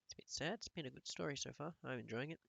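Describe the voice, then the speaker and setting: Male teacher with a gravelly voice. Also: a little high, very fast, no echo. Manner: lively, expressive reader. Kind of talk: reading a novel aloud to a class.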